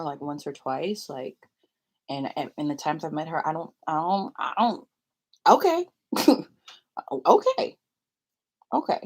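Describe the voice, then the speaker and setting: A woman's voice: sits low, darkish tone. A young woman vlogging in a rambling confessional chat, full of filler likes and laughing often.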